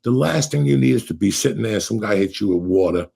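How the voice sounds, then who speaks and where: A middle-aged man hosting a podcast, telling stories in a profane, animated way and acting out what people said. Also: on the low side, fast talker, creaky, husky. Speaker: podcast host. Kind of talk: casual storytelling chat.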